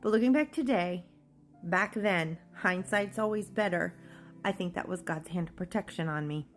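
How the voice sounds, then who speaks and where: A woman's voice: fairly low pitch, moderate pace, faint music behind. Woman telling her story earnestly. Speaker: speaker sharing her own story. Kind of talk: personal testimony.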